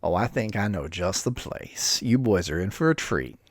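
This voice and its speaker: A man's voice: deep voice, animated, normal speed, dry recording, clean studio sound, pitched below the performer's own voice. A man reading the part of a gritty, charming cab driver in his fifties with an easygoing, streetwise manner.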